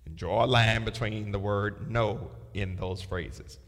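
A man with a fairly low voice teaches through a Bible passage verse by verse. He reads each line and then tells the class what to underline, circle or highlight. His voice rings out with a long hall reverb. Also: steady tone, measured pace, a bit bright. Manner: reads scripture aloud with marking instructions. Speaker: pastor.

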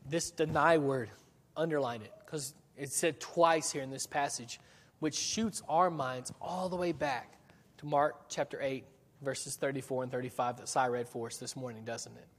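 A man's voice: medium pitch, steady tone, moderate pace, big-room sound. A man preaching a sermon in a church, talking in a conversational way with frequent restarts and rhetorical questions. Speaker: pastor.

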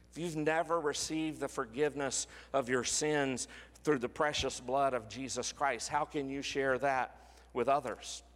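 A man preaching a sermon as a pastor and leading a closing prayer, earnest and often dropping to a soft hush. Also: a little high, in a large hall. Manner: earnest, drops to a soft hush on quoted words. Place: church sanctuary.

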